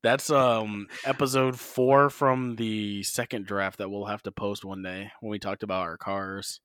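A man's voice: on the low side, level tone, unhurried, a bit bright, clean tone, no echo, clean studio sound. A man co-hosting a podcast, telling rambling stories in a casual chat and swearing freely. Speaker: podcast co-host.

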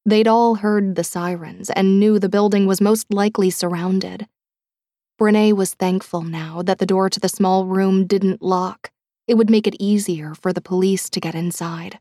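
A woman reading an audiobook in a measured, dramatic way, dropping to a hush at tense moments. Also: medium pitch, steady tone, no room sound, clean studio sound. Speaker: audiobook narrator. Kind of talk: scripted audiobook narration.

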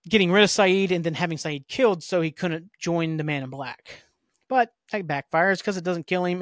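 In a dry, studio-quality recording, a man with a slightly high voice hosts a podcast. He recaps a TV episode casually and rambles, his storytelling packed with fillers.

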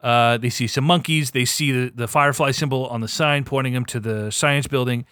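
A man co-hosting a podcast in casual chat, animated and swearing, acting out his reactions. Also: mid-range voice, a little fast, clean tone, dry recording, studio quality. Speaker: podcast co-host.

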